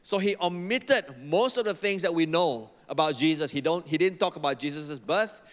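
A man's voice: on the high side, normal speed. A man preaching a sermon as a pastor, emphatic and repeating phrases for effect, leading the congregation in reading aloud together. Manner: leads the congregation in call-and-response reading. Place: church hall. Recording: long hall reverb.

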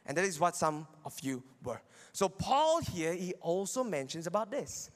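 A man with a high, sing-song voice talks at normal speed, delivering a teaching sermon as a Bible teacher. Argumentative in manner, he frequently checks in by asking "right?", and the audio has long hall reverb.

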